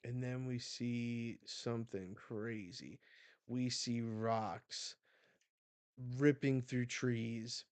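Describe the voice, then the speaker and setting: A man hosting a casual manga reaction, excitable and a little foul-mouthed as he narrates the panels. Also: mid-range voice, extremely slow, no echo. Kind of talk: casual live reading reaction.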